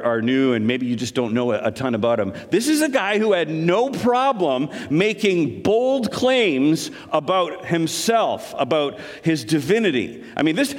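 A man's voice: fairly high pitch, in a large hall. A pastor preaching a sermon to his congregation in an earnest, conversational way, pressing his points with rising emphasis.

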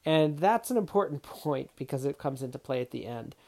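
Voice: medium pitch, expressive, fairly quick, darkish tone. A film reviewer talking casually through a movie's story, reflective and thinking aloud with occasional restarts. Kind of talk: casual spoken film commentary.

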